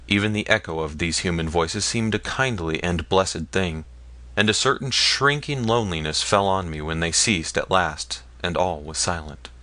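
Male audiobook narrator, low forceful voice, dry close recording, measured storytelling. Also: dry recording. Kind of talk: scripted narration.

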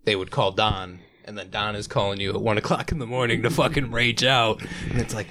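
A man's voice: lowish voice, flat delivery, a little fast, noisy background. A man co-hosting a podcast, telling a story in a laid-back, casual way and swearing freely. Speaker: podcast co-host.

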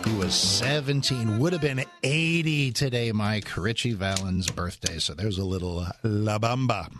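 A man's voice: fairly low pitch, moderate pace, over music. A male talk radio host in casual, playful banter from his studio, breaking into sung snippets. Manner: playful, animated, sings snippets.

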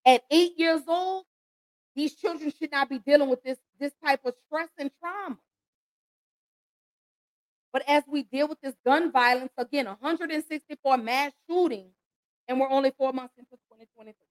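A woman's voice: high-pitched, normal speed, no room sound, low-quality recording. A woman hosting an emotional commentary, pleading and impassioned as she talks straight to her listeners. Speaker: host.

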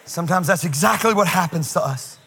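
A man preaching a sermon, telling a comedic story, animated and full of asides. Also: high voice, fairly quick, gravelly, a little hiss or hum. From North Carolina. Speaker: pastor.

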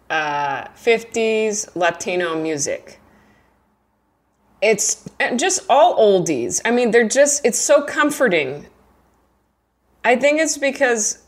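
A young adult woman doing a stand-up comedy set, chatty and self-deprecating, who rambles and jumps into high, squeaky voices for imagined friends.

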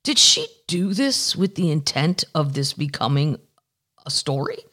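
Very animated and sharp in tone, this medium-pitched voice still keeps a measured pace. It belongs to a podcast host who reads out news items, adds side comments, and curses freely in a loose, candid, rambling chat.

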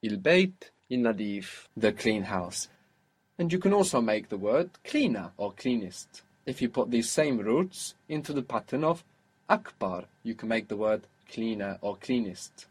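A man with a fairly low voice gives a spoken Arabic lesson. He explains slowly and patiently, modelling words and asking his student to repeat them. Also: sing-song, a little mellow, breathy edge. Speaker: Arabic teacher.

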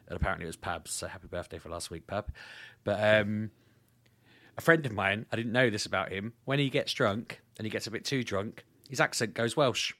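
A man chats on his podcast, rambling through stories and laughing as he goes. His voice sits a touch low but has a bright, forceful edge. The sound is dry and close, with no room around it. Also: no room sound. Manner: chatty storytelling, laughs often. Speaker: podcast co-host. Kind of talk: casual chat.

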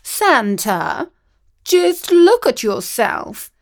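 A woman voicing a grumpy male cat who scolds slowly and reproachfully. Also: on the high side, sing-song, exaggerated voice. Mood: scolding.

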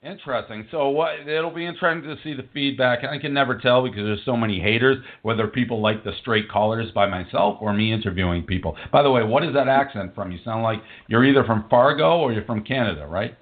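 A man's voice: medium pitch, quick pace, hardly any pauses. A man hosting a call-in radio show, talking bluntly and rambling casually between callers. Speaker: host taking listener calls. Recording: narrow phone-like audio.

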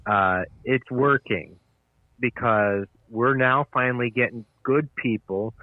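A man's voice: mid-range voice, slow pace, no echo. A nineteen-year-old man, a guest in a political chat, talking hesitantly with many ums and uhs. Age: teens. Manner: hesitant, fills with uh and um. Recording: tinny phone-line sound.

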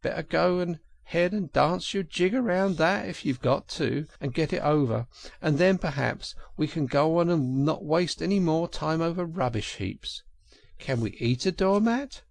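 A man voicing a fussy, pettish male mole who whines in a high, fretful voice. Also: animated, a little slow, vocal fry, no room sound. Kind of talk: audiobook character reading.

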